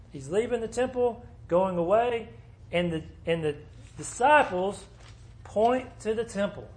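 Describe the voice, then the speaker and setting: A man's voice: high voice, a little mellow. A man teaching a small Bible class in a conversational way, asking the group questions as he explains the passage.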